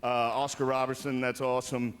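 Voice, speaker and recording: A man's voice: medium pitch, flat delivery, a little fast, a little hiss or hum. A man doing a stand-up monologue as an awards show host, delivering dryly and slipping into exaggerated impressions on a large arena stage. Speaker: comedian hosting an awards show.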